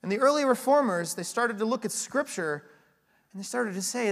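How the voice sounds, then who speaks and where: A man preaching a conversational sermon, earnest and explanatory, asking rhetorical questions and going hoarse as he loses his voice. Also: very high voice, animated, normal speed, fairly bright tone. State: losing his voice. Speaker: pastoral candidate preaching. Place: church sanctuary. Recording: long reverb of a large hall.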